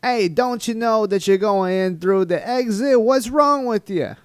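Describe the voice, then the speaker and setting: A man's voice: high voice, lively intonation, a little fast, darkish tone, clear, resonant tone, dry recording, studio quality, pitched above the performer's own voice. A man impersonating a brusque young male forest ranger in an exaggerated New York-style voice. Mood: scolding.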